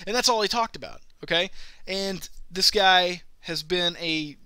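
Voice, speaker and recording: Host, male, high, very bright voice, rambling animated storyteller, dry close sound. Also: measured pace, smooth, no room sound. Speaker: podcast host. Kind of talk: casual gaming chat.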